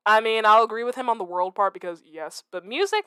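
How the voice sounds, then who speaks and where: A woman streaming a story game, chatting casually, excitable and giggly, teasing herself. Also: fairly high pitch, a little fast, few pauses, clear, resonant tone. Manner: excitable, giggly, self-mocking. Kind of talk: casual game let's-play commentary.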